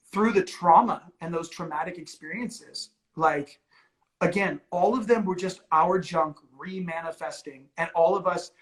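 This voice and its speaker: A man's voice: high voice, fairly bright tone, low-quality recording. A man and ministry leader talking candidly and earnestly, with many "like"s and "you know"s. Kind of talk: candid conversational talk.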